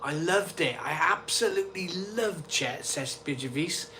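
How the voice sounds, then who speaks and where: A man's voice: fairly high pitch, expressive, measured pace, bright, forceful tone, slight background noise. A man hosting a casual live stream, reading out viewer comments and answering them in an offhand, chatty way.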